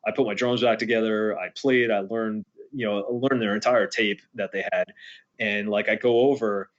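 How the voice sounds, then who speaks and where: A man's voice: on the low side, fairly even intonation, normal speed, lo-fi sound. A man in his forties from New Jersey, rambling through a casual story in an interview and acting out what others said. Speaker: podcast guest, former drummer.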